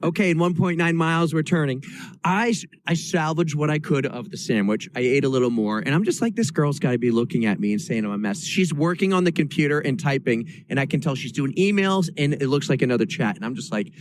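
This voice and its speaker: A man from New Hampshire co-hosting a podcast, telling a story in a lively, self-mocking way and acting out the quotes. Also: on the high side, a little fast, poor audio. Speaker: podcast co-host. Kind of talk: casual storytelling chat.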